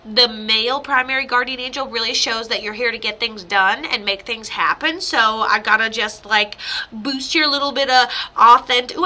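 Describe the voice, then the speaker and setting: A woman medium giving a spirit reading, effusive and rambling, full of fillers, reassuring toward the person she reads for. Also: on the high side. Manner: warm, reassuring tone to the sitter. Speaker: psychic medium. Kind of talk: live virtual spirit reading.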